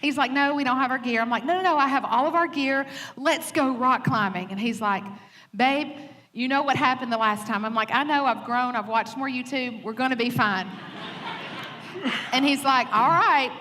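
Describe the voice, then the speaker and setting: A woman pastor telling a funny story in a sermon, animated, laughing often and acting out quoted lines. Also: high voice, moderate pace. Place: church stage. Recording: reverberant hall with faint noise.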